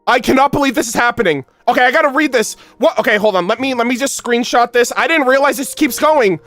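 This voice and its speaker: A streamer giving live game reaction commentary, excitable and exclamatory, talking straight to chat. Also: mid-range voice, quick pace, no echo, faint music behind.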